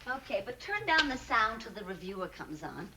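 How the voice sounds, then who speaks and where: An actress playing an earnest, stammering young actress in a 1960s sitcom. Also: female voice, on the high side, big pitch swings, normal speed, noisy background. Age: young adult.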